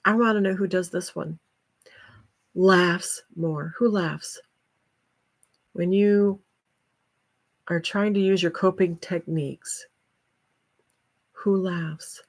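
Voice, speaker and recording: A woman's voice: on the low side, steady tone, slow, long pauses. Older woman, livestream host, casual chat, folksy sayings, talkative. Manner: chatty, folksy exclamations.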